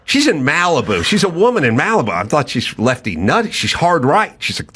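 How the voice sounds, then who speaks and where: Animated, bright-voiced middle-aged man telling a story. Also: fairly quick, few pauses, husky. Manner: animated anecdote, swinging up for mimicked voices and down low and quiet; swears freely, exasperated. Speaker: podcast host. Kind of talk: comic storytelling.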